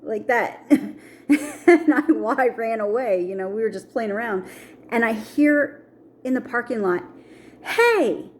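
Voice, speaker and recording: A woman's voice: on the high side, measured pace. A middle-aged woman telling a personal story in a vlog, acting out the voices of people she quotes. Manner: animated, acts out quoted voices. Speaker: vlogger.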